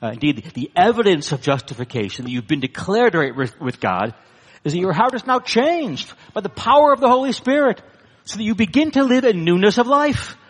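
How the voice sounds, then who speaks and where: A man preaching with a lively voice that leaps high for emphasis and sinks low for solemn points. His voice is slightly higher than most men's and rings out with a long reverb across a large hall. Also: fairly quick, husky. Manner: emphatic, rising to high bursts then dropping low for weight. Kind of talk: sermon.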